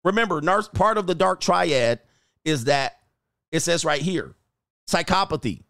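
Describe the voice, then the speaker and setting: A man's voice: on the high side, expressive, unhurried, vocal fry, fairly bright tone, dry recording, studio quality. A dating coach giving blunt, profane reaction commentary, laughing at his own points and firing off mocking rhetorical questions.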